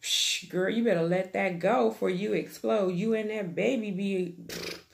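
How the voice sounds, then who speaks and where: A woman's voice: mid-range voice, moderate pace, gravelly. A woman hosting her own channel, recapping a reality show in a chatty, gossipy, slangy way. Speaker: YouTube TV recap host. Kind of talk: casual reality-TV recap chat.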